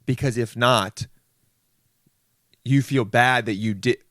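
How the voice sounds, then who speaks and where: A young man rambling through a comedic solo rant as a podcast host, poking fun at himself and at others. His voice sits at a middling pitch. The sound is close and dry, with no room around it. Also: steady tone, slow pace, a bit bright, no room sound. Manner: rambling, mocks others in put-on voices, self-deprecating.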